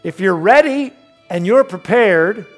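A man preaching a sermon as pastor, swinging from emphatic calls to quiet asides and light jokes. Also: high voice, expressive, a little slow, soft background music.

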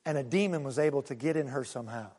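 A male pastor preaching a sermon, swinging between loud calls and quiet low asides. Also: quick pace, husky, big-room sound.

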